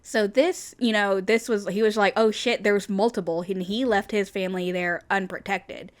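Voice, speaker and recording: Young woman podcast co-host, casual storyteller, chatty and profane, mid pitch. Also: fairly even intonation, moderate pace. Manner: chatty, lots of "like" and swearing for emphasis. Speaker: podcast co-host telling urban legends.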